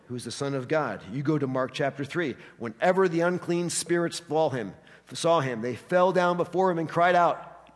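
A man preaching a sermon, acting out quotes with animated delivery in a church hall. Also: a little high. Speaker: pastor. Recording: long hall reverb.

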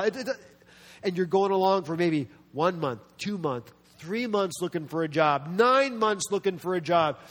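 A man preaching a sermon with a slightly raised pitch, animated and quick to act out the people he quotes. His voice carries a long reverb from a large hall. He mixes in self-deprecating humor. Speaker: pastor.

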